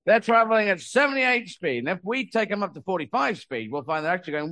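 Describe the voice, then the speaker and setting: High-voiced rambling stand-up comedian. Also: male voice, sing-song, quick pace, hardly any pauses, pushed and bright. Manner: rambling, playful, stumbling repetitions. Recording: live album recording.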